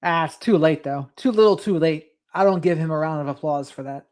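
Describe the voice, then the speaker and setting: A woman's voice: low-pitched, a little fast, background noise. A woman co-host giving blunt, scolding commentary on the texts. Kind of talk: casual commentary.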